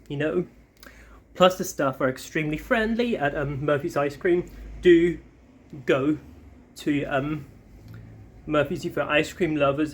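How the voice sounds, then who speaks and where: A man chatting casually in a travel vlog, upbeat and rambling, with lots of ums as he talks while walking around a city. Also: on the high side. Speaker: travel vlogger. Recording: street traffic noise behind.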